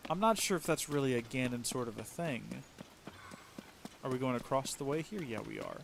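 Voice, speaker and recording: A man's voice: mid-range voice, sing-song, moderate pace, creaky, background noise. A man giving casual, rambling commentary while livestreaming a video game, musing aloud and often restarting his sentences. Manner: rambling, chatty, muses aloud with frequent restarts. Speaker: let's play streamer.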